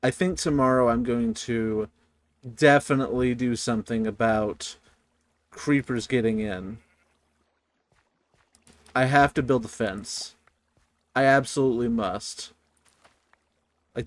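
A man talks through his game at an unhurried pace, and his voice sits in an ordinary middle pitch. He swears freely and gets exasperated quickly. The recording is close and dry, with no room sound. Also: no room sound. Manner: profane, easily exasperated. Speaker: gaming YouTuber. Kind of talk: casual gameplay commentary.

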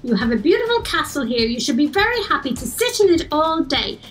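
A woman's voice: sits high, sing-song, a little fast. A woman voicing a stern, proper noblewoman mother who scolds her daughter in a prim tone in a children's story. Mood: prim scolding.

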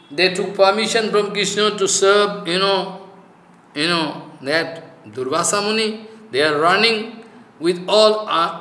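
High bright man preaching. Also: reverberant. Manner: informal halting English with frequent "you know" fillers; emphatic, repeats key phrases. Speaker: spiritual teacher. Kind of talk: devotional scripture discourse.

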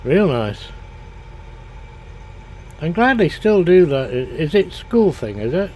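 A man's voice: a little high, big pitch swings, slow, darkish tone, a little hiss or hum. An older man, chatting casually and telling rambling stories while he streams a farming game.

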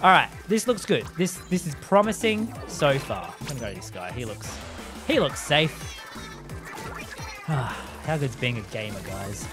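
A live game streamer giving excitable commentary while playing, laughing and taunting opponents and chatting with viewers. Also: medium pitch, measured pace. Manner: chats with viewers and thanks them. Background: game music.

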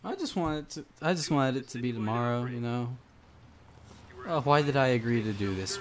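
This young man's let's play of a horror game is animated, delivered at normal speed and medium pitch. Scares get to him easily, and he yelps and shouts whenever he's startled.

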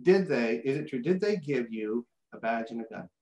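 A man's voice: medium pitch, lively intonation, normal speed, darkish tone. Playful male host, laughs a lot, roomy echoey sound. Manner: jokey, laughs often, playful reactions. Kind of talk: casual interview. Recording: echoey room.

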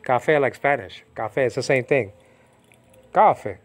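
A man's voice: medium pitch, moderate pace, dry recording. A man giving an informal Bible lesson on Greek words, rambling and often asking the listener if they understand. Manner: rambling, repeats questions to listener. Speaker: Bible teacher.

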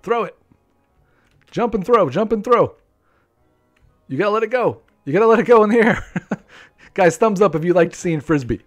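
A man commentating live gameplay for viewers, excitable, talking to his players and breaking into high shouts, with keyboard typing behind him. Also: moderate pace, long pauses, soft background music. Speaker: game streamer.

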